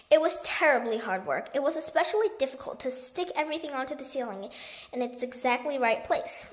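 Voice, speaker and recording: A woman reading a children's book aloud in a lively storytelling manner. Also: high voice, fairly quick. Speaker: storybook reader.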